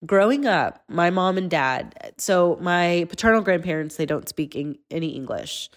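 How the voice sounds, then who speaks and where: A woman in her thirties hosts an interview podcast, speaking earnestly and personally in a conversational way. Her voice sits fairly low and is expressive, moving at a moderate pace.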